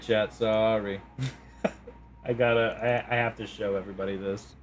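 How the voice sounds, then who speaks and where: A young man live-streaming a story game, chatting casually with a giggly, playful, animated manner. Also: fairly low pitch, unhurried, faint music behind.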